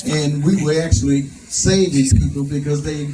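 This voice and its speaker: An advocate speaker gives a rousing, preacher-style address at a prayer breakfast in an event hall, folksy and laughing at his own jokes. His voice is a little high with fairly even intonation and normal speed. The recording is noisy, echoey, and captured from a distance.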